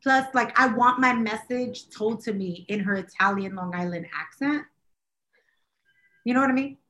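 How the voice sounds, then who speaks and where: Woman co-host, chatty and animated, laughs easily, higher pitched. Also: moderate pace, slight background noise. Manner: animated, laughing, rambling with fillers. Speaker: podcast co-host. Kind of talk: casual chat.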